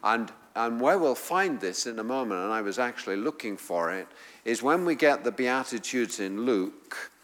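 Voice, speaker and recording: A man's voice: medium pitch, lively intonation, normal speed, fairly bright tone. A man preaching a sermon to a congregation, emphatic and rising to fervent appeals. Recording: long hall reverb.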